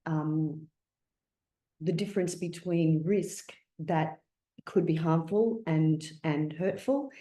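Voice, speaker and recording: A middle-aged woman, an actor on a webinar panel, speaking thoughtfully and haltingly over a video call. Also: deep voice, dark tone. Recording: echoey room on video call.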